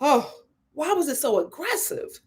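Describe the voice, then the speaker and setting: A young woman reviews a reality TV episode in a casual, sassy recap, frequently addressing the people on screen directly. Her voice sits high and is very animated, though she takes her time.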